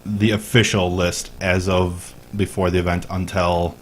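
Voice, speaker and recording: A man's voice: low-pitched, little pitch movement, a little slow, slight background noise. A man who is the guest on a casual podcast, joking and then explaining game rules in a laid-back way.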